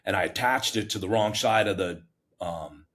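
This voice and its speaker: A middle-aged man and fire captain, telling a story in a casual interview in an animated, self-mocking, plain-spoken way with many restarts. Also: lowish voice, normal speed. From United States.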